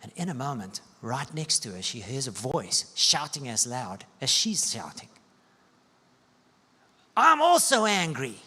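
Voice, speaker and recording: A male pastor preaching a sermon, telling stories with sweeping rises and soft, hushed dips. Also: mid-range voice, lively intonation, moderate pace, hardly any pauses, husky. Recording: long church-hall reverb.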